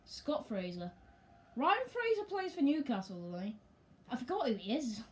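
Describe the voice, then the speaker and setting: A woman commentating casually and excitably on her own football video game as she plays. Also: sits high, moderate pace. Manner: chatty and excitable, talking to herself over gameplay. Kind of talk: let's play commentary.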